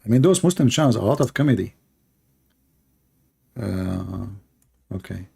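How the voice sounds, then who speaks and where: A man with a lowish, dark, slightly rough voice and vocal fry hosts a reaction stream, speaking a little slowly but with animation. He mocks the video sarcastically, his English phrasing marking him as a non-native speaker.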